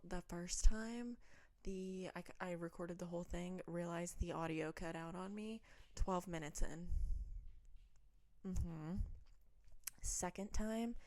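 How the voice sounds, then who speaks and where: A woman's voice: on the low side, fairly even intonation, slow, pauses often, darkish tone, no echo. A young woman who chats casually, wanders into rambling asides and reads stories aloud. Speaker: vlogger reading online stories. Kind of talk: casual chat and reading aloud.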